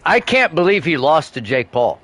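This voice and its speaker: A man with a voice on the high side, talking at a normal speed, streams a game. He chats casually and tells animated stories, swearing a lot and breaking into bursts of laughter.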